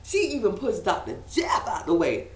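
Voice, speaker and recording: Animated woman gossiping in a roomy space. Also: on the low side, moderate pace, recorded from a distance. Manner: animated, gossipy, laughing asides, acts out quotes. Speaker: reality TV recap vlogger. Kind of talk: casual recap chat. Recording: roomy echo, a bit off-mic.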